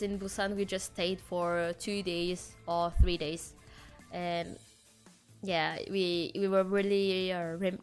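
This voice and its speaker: A French VTuber streamer with a mid-range voice and a French accent tells stories in casual chat, her delivery animated but dotted with hesitant fillers.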